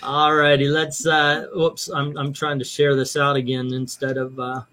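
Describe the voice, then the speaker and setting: A man's voice: on the high side, monotone, normal speed, sharp tone. A man hosting a casual comic book read-along livestream, joking, laughing often and rambling with fillers.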